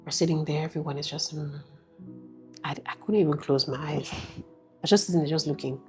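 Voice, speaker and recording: A woman guest giving an emotional personal testimony, candid and soft-spoken, driving points home with repetition. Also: low voice, fairly even intonation, a little fast, soft background music. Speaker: guest sharing a personal story.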